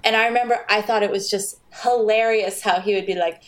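A woman co-hosting a relaxed conversation about a game. She talks in an animated way, laughing often and poking fun as she critiques it. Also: mid-range voice, a little fast. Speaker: podcast co-host. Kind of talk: casual chat reviewing a video game.

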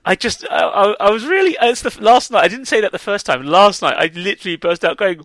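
A man co-hosting a podcast, chatting casually about a film, animated and laughing often with lots of restarts. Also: high voice, fast talker, few pauses, dry recording. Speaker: podcast co-host.

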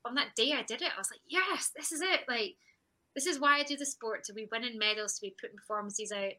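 Woman, thirties, very bright tone, candid, reflective, podcast guest storytelling. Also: fairly high pitch, steady tone, fast talker, rough recording. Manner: candid and reflective, with frequent laughs and quoted self-talk. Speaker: athlete guest. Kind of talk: personal storytelling in a podcast interview.

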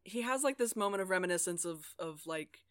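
A woman talks loosely on a podcast, laughing and swearing as she goes off on tangents. Her voice sits on the low side for a woman. The recording is dry and close, with no room sound. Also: expressive, brisk, dry recording. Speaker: podcast co-host. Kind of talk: casual book club chat.

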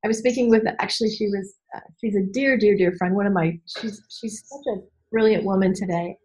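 A woman business coach in a candid podcast conversation, animated and emphatic, acting out voices and repeating key phrases. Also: mid-range voice, brisk, low-quality recording. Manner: animated, acts out voices and inner dialogue.

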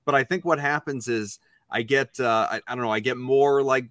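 A man with a polished, smooth radio voice, talking in a relaxed, easygoing way as a guest on a podcast. He comes from the South Shore of Massachusetts. The recording is close and dry. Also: mid-range voice, moderate pace, no room sound. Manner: smooth broadcaster's voice. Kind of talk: casual chat.

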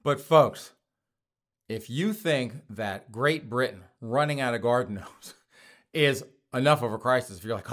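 A man's voice: medium pitch, a little slow, fairly bright tone. A male comedy host working through a mocking monologue in a plain, mid-range voice. He rambles sarcastically and keeps snickering at his own lines.

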